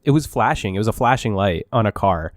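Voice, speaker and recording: A young man with a lowish voice trades wry deadpan asides in relaxed podcast banter. The sound is close and dry, with no room behind him. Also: fast, dry recording. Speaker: podcast co-host. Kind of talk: casual chat.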